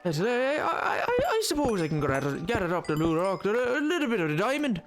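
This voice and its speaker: A man's voice: high-pitched, wildly swooping pitch, fairly quick, fairly bright tone, faint music behind, full character voice. A man putting on a mumbling Irish bloke. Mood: jokey. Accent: put-on Irish. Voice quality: mumbling, tapped T sounds. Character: jolly mumbling Irish man mining rocks.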